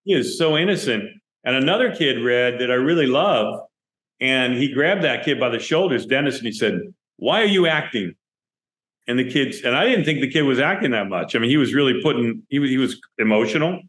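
In an interview, a male film director with a mid-range voice tells stories from a film set, speaking a little fast. He's an animated storyteller who acts out the quoted dialogue as he goes, and the recording has a roomy echo.

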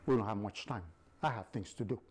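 A man voicing a cold, menacing male angel of death who speaks low and slow. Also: a little mellow, husky.

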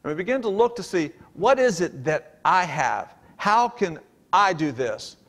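A man's voice: sits high, big pitch swings, a little slow, fairly bright tone. A man preaching a sermon, reading scripture aloud and explaining it in an earnest, emphatic way. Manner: reads King James verses aloud and explains them.

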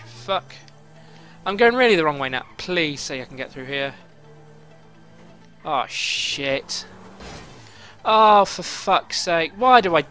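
A man's voice: fairly high pitch, sharp tone. A young man commentating his own gameplay, swearing often and boiling over in frustrated outbursts. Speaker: gaming YouTuber.

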